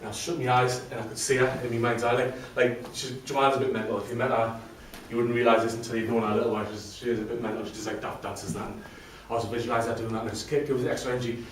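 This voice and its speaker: A man's voice: medium pitch, level tone, rapid-fire, few pauses, a little hiss or hum. A man telling his own story to a live audience, chatty and self-deprecating. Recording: very echoey room from a distant mic, faint ambience.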